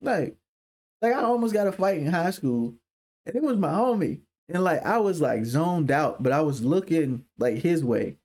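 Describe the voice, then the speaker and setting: A young man with a raspy, hoarse voice, co-hosting a casual podcast and telling slangy, profane stories. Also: fairly high pitch, moderate pace. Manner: animated storyteller, slangy and profane. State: hoarse throat. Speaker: podcast co-host. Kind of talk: casual chat.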